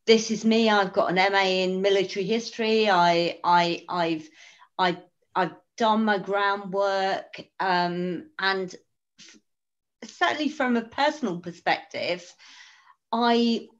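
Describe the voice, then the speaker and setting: A woman battlefield guide speaks very slowly and frankly on a panel, pausing and hesitating as she goes. She is heard over a video call, and the sound is somewhat dull. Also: medium pitch. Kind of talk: panel discussion.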